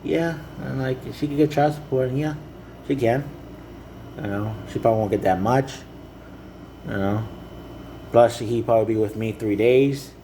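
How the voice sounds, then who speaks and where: A man speaking earnestly to the camera in a rambling personal monologue, halting and repeating "you know" often. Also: mid-range voice, mellow, slight background noise, poor audio. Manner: earnest and heartfelt.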